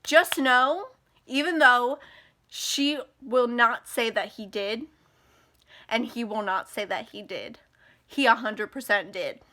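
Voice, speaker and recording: A woman's voice: on the high side, takes it slowly, sharp tone. A woman in her twenties talking to camera in a personal vlog, upset and angry, ranting and close to tears. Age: 20s. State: emotional, close to crying. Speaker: vlogger.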